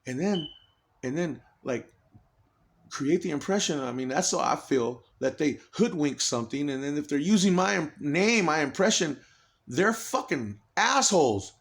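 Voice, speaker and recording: A man's voice: a little high, lively intonation, moderate pace, gravelly, a bit bright. A man in an agitated, rambling personal monologue, swearing heavily and restarting his sentences often.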